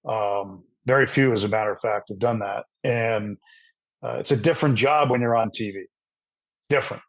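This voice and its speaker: A middle-aged man, a sports broadcaster, telling a long anecdote in an interview with lively asides and frequent fillers. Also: on the low side, normal speed, no echo, poor audio. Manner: animated anecdotal storyteller with fillers. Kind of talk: storytelling in an interview.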